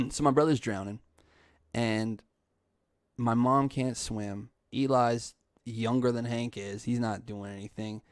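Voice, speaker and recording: A young man chats through a story on his own podcast, laughing between lines and swearing freely. His voice sits at an ordinary middle pitch, recorded close and dry with no room sound. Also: steady tone, slow, darkish tone, no echo. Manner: laughs often, swears, says dude and like. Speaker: podcast host. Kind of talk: casual storytelling.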